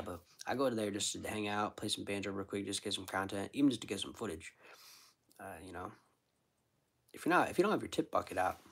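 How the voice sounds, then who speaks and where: A man's voice: low voice, vocal fry, fairly bright tone, a little hiss or hum. A man, a street musician, chatting casually with viewers on a livestream, laid-back and rambling, full of slang like dude and bro.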